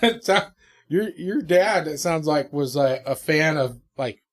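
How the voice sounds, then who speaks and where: A man's voice: a little high, lively intonation, unhurried. A middle-aged man hosting a podcast, chatting casually and laughing easily. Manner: laughs easily, eager and amused. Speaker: podcast host. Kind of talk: casual chat.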